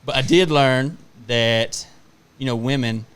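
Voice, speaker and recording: A man with a drawl, co-hosting a laid-back podcast. He rambles through stories about his kids and his job, swearing freely and acting out the exchanges as he goes. The voice sits at an ordinary middle pitch. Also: a little slow, a bit bright, smooth. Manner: profane, rambling storyteller who acts out family anecdotes. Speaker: podcast co-host. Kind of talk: casual podcast chat.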